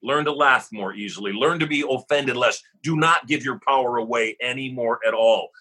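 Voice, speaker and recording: This is a man guesting on a podcast, delivering motivational lessons and anecdotes. His delivery is emphatic and punchy, built on repetition. His voice is bright and forceful, with a slightly raspy, husky texture. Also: medium pitch, normal speed. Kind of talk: motivational storytelling.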